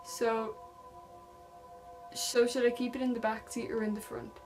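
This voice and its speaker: A woman's voice: on the high side, flat delivery, a little slow, long pauses, music in the background, low-quality recording. A young woman vlogger casually retelling a true-crime story, reading text messages aloud with lots of "like" fillers.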